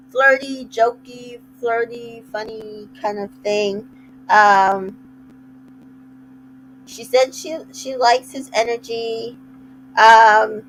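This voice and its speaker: Slow-talking chatty woman recapping. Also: fairly high pitch, a bit bright, slight background noise, rough recording. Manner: chatty, retells scenes with quoted asides. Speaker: recap host. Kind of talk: casual recap chat.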